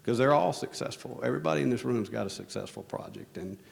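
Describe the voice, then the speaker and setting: A man's voice: medium pitch, lively intonation, fast, creaky. A man speaking on a conference stage. He rambles, restarts often and jokes at his own expense. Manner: rambling, self-deprecating, lots of restarts and "you know". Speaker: conference speaker, operations executive. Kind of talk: casual storytelling on stage. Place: conference hall stage under bright lights. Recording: echoey conference hall.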